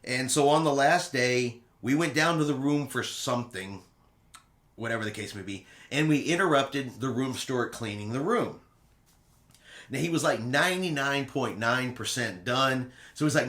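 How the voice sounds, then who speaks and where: A man's voice: medium pitch, normal speed. A man hosting a casual travel recap. His voice swings widely up and down as he tells stories, and he acts out quotes with drama. The sound carries a noticeable room echo. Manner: animated storyteller who acts out quotes dramatically. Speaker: travel vlog host.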